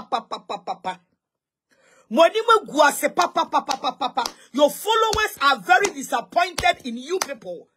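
A woman's voice: sits high, fairly bright tone. A Ghanaian woman ranting on social media, taunting with repeated mocking questions and switching between English and Twi. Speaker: online commentator. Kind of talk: heated social media rant.

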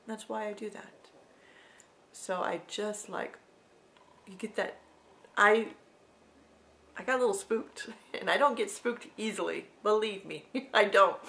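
A middle-aged woman telling an emotional personal story in a vlog, halting and sometimes dropping to a soft whisper. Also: medium pitch, creaky, slight background noise. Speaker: vlogger.

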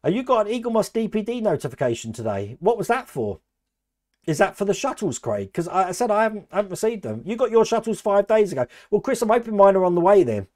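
An older man with a slightly high voice and an accent that blends Australian with Essex English. He rambles in a friendly, chatty way, hosting a live stream and reading out viewers' comments. His talk is loose and unscripted, full of asides. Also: very animated, quick pace, darkish tone. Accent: mixed Australian and Essex English. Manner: rambling, chatty, answers chat by name.

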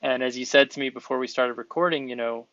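Male podcast host, earnest and encouraging, bright tone, dull dry recording. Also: medium pitch, steady tone, fast talker, dry recording. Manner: earnest, encouraging, talks in long flowing sentences. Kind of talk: conversational interview. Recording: dull, slightly lo-fi sound.

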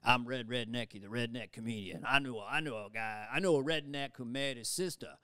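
A man playing a dim redneck stand-up comedian with a Southern US accent and a slow, lowered drawl. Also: sharp tone, clear, resonant tone, dry recording, clean studio sound, close to an everyday voice. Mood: cocky, dumb.

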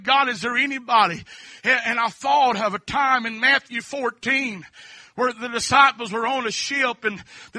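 A middle-aged man preaches in a church sanctuary in a high, ringing, very bright voice. He drops amens between phrases and surges into shouts. His voice is close-miked and dry, with no echo. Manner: fervent, fills pauses with repeated amens, shouts at peaks. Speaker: pastor. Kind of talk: holiness sermon.

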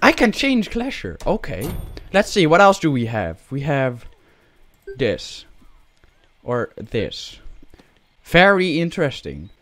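A man's voice: a little high, wildly swooping pitch, slow, pauses often, a bit bright. A man giving playful gameplay commentary as a gaming YouTuber, full of silly, exaggerated trash talk and mock-serious jokes.

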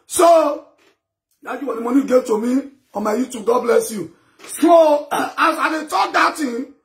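A man with a Nigerian Pidgin accent ranting emphatically to camera, often breaking into shouts. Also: extremely high pitch. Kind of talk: impassioned rant to camera.

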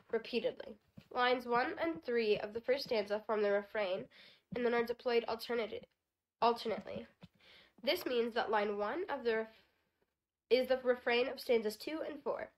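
A woman's voice: fairly high pitch, rough recording. A teenage girl reading a nonfiction book aloud as a homemade audiobook, with small slips she corrects as she goes. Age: teens.

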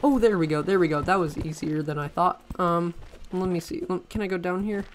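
A man giving let's-play commentary as a gaming channel host, excitable and rambling, often breaking into panicked exclamations. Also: high-pitched, fairly quick, slight background noise.

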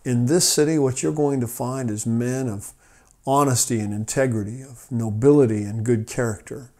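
A man doing a calm wise old gatekeeper. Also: medium pitch, lightly acted. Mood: measured. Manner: measured, answering with a question.

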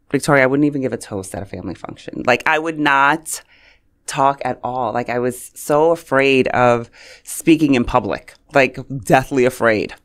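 Woman, middle-aged, from New York, podcast guest, animated storyteller, relaxed chat. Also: low voice, clear, resonant tone. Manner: animated storyteller, laughs often, acts out her own past lines. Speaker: guest, communications coach. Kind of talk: casual podcast conversation.

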